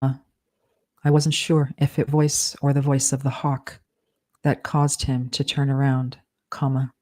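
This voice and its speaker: Woman dictating a story out loud, very low flat voice, says comma and period as she goes. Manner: slow, deliberate phrasing, saying punctuation and edit commands. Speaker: author dictating a novel. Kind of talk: dictating prose aloud with spoken punctuation.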